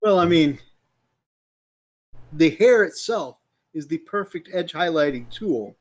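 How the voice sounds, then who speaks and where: A man co-hosting a casual live-stream chat, jokey and quick to laugh. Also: a little high, expressive. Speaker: podcast co-host.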